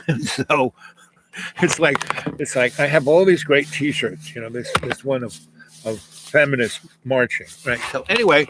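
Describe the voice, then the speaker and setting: A man's voice: mid-range voice, noisy background. A man telling a personal anecdote in a casual, rambling way, full of fillers and asides. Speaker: host telling a personal story.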